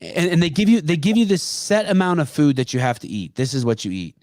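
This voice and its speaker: A man hosting a podcast interview, asking questions in a halting way and often restarting them. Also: fairly high pitch, expressive, a little mellow, dry recording, clean studio sound. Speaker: podcast host.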